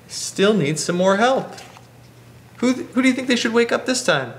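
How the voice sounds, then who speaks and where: A man hosting a library storytime, reading a picture book to children and asking them gentle questions. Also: very high voice, animated, normal speed. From Canada.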